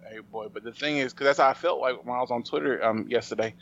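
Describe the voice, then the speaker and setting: A man chats loosely on a podcast, circling back and restarting his thoughts. His voice has a gravelly rasp. The recording sounds slightly muffled. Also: medium pitch, fast, over a noisy crowd. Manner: rambling, with many fillers and restarts. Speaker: podcast host. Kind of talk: casual podcast banter.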